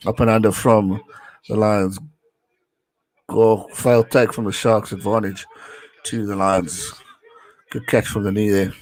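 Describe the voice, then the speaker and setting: A young man with a slightly low voice talks casually through a live rugby match while streaming. He chats and answers his viewers as he goes. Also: flat delivery, unhurried, long pauses, darkish tone, low-quality recording. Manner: chatty, reads out viewer messages. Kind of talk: casual live watch-along commentary.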